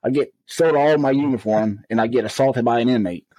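A middle-aged man, a correctional officer, telling his story as an animated interview guest. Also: medium pitch, fast talker, dry recording, low-quality recording. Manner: animated storyteller who acts out quoted exchanges.

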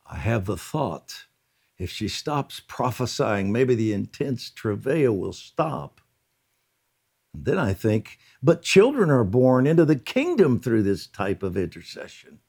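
A man reading a prayer account aloud in a slow, earnest devotional style, lifting his voice on quoted lines. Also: lowish voice, warm tone, slightly rough.

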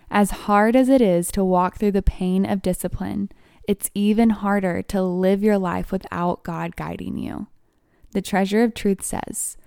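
A woman co-hosting a devotional podcast, reading aloud slowly and carefully. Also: mid-range voice, warm tone, clean tone, dry recording, studio quality. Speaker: podcast co-host.

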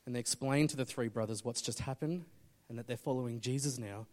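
Aussie pastor guy preaching, gets loud then drops real quiet, telling a story. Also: medium pitch, brisk. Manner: storytelling preacher, swings from loud urgency to hushed intensity. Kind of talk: sermon.

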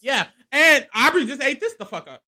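A podcast co-host casually recaps a reality show, playful and profane, laughing often and acting out what contestants said in loose, profane slang. The voice sits high and is very animated, with a normal speed and a sharp tone.

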